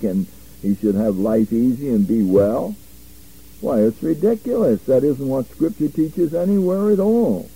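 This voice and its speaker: A man's voice: medium pitch, dark tone, slightly rough, rough recording. A man teaching a Bible apologetics course, reading verses in stiff literal wording and then explaining them with emphasis.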